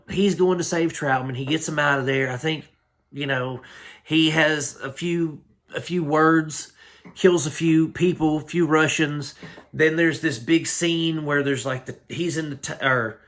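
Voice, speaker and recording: A man on his channel walks through an old action film in a loose, rambling recap. His voice sits somewhat high, and his talk is slangy and full of fillers. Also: a bit bright. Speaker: film reviewer. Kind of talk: casual movie recap.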